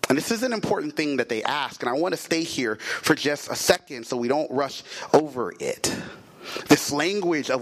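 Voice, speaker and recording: A man preaching a sermon in a rhythmic cadence, repeating phrases, stretching key words and sometimes shouting. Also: fairly high pitch, lively intonation, normal speed, rough recording.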